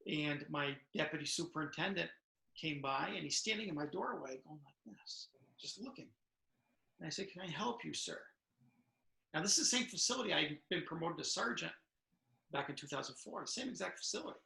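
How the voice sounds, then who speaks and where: Gravelly, bright-voiced man telling stories. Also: a little high, animated, fairly quick. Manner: storytelling, acts out dialogue, many restarts. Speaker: author and retired correctional officer. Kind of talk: conversational interview answers. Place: home room over video call. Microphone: video call. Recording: echoey video call room.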